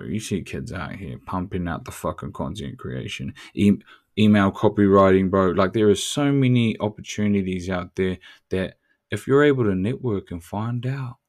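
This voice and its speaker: Swearing bloke ranting motivation, lowish voice, slangy, "bruv" every line. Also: male voice, a little mellow. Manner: brash, swearing, street slang, calls listener "bruv". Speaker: motivational podcast host. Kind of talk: profane motivational rant.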